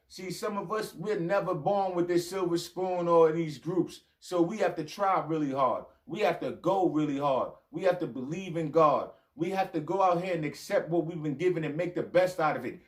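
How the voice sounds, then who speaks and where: A man's voice: a little high, moderate pace, hardly any pauses. A former college player ranting straight at his old coach, heated, full of slang, and repeating lines for emphasis. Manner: heated, addressing the coach directly as "you". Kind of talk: direct-to-camera rant.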